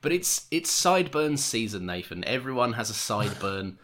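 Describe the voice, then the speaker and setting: A man's voice: medium pitch, big pitch swings, moderate pace, a bit bright, slight background noise. A man co-hosting a podcast in casual chat, rambling and hesitant and laughing as he talks. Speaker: podcast co-host.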